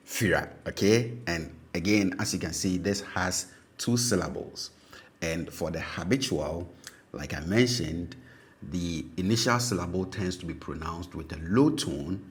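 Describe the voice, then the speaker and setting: A very low-pitched man with a Ghanaian accent gives a language lesson. He explains patiently, repeats each word slowly and keeps checking in with his listener. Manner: patient, repeats words slowly with frequent "okay?" check-ins. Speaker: language teacher.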